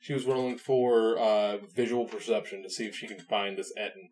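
A man playing a tabletop game who talks his dice rolls through deliberately. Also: on the low side, flat delivery, darkish tone. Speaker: player.

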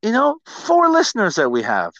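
A man's voice: high-pitched, moderate pace, no room sound. A man in his forties rants and jokes through a casual podcast chat, cursing freely as his voice leaps up and down. The sound is dry and slightly dull, with no room around it. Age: 40s. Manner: animated, profane, ranting. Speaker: podcast host.

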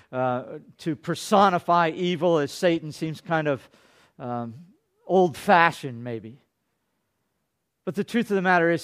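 A male pastor preaching a sermon, dropping to hushed tones and rising to loud, dramatic peaks. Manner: dynamic, swinging from hushed to booming.

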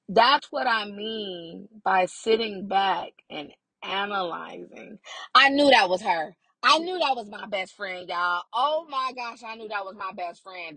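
A woman's voice: medium pitch, vocal fry, slightly rough, no echo. A woman hosting her podcast while driving, chatting casually to her listeners. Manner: chatty, animated, addresses listeners as y'all. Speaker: podcast host. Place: in a car. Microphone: phone.

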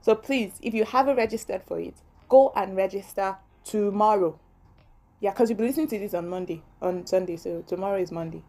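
A woman's voice: medium pitch, brisk, dark tone. A young woman with a Nigerian accent hosting her own podcast, chatting alone in a ranting, laughing way. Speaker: podcast host. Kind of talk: casual solo podcast monologue.

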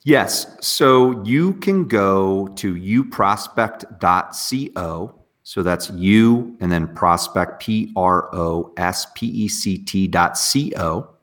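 A man, an entrepreneur guest talking with hyper, fast energy in an interview. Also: deep voice. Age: 40s. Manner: energetic, hyper, talks fast with bursts of excitement. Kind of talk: interview conversation.

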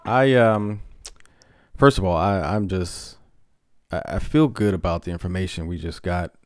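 A man's voice: low-pitched, normal speed, a little mellow. A man hosting his own podcast, opinionated and joking, who stumbles through restarts as he talks. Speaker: podcast host. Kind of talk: casual podcast monologue. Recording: dry close sound.

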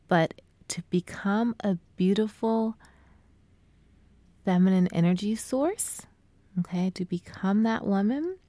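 A young adult woman coaching women on feminine energy in casual talk, speaking softly and drawing words out, often dropping to a near whisper. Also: fairly low pitch, no echo.

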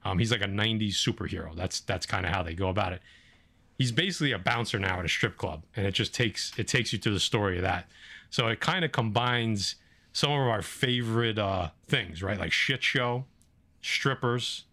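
A man with a fairly low voice, chatting casually about new comic books as a podcast co-host. He talks in a relaxed, rambling way, with lots of fillers and restarts. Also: moderate pace. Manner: laid-back, rambling with fillers. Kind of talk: casual comic book chat.

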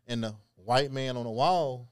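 A man from Louisiana, a historian and genealogist, telling his story in an earnest, animated way in a casual interview. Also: mid-range voice, a little slow, smooth.

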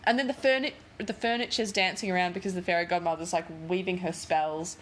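A woman's voice: on the low side, steady tone, fairly quick, a little hiss or hum. Rambling, giggly woman retelling a plot. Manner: rambling, giggly, uses filler "like" often. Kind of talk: casual chat, retelling a film plot.

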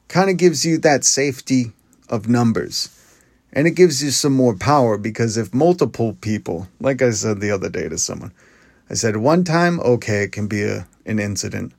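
A man's voice: medium pitch, dry recording, studio quality. A man hosting a podcast, talking in an earnest, conversational monologue that often restarts its sentences. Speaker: podcast host. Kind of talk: casual monologue.

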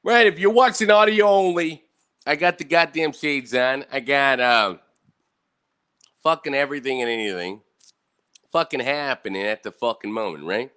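A man's voice: mid-range voice, normal speed, bright, forceful tone. A man hosting his own live online show, ranting angrily and swearing constantly, checking in with "right?" after each point. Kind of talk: angry profane livestream rant. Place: indoor room with bright light and a fan.

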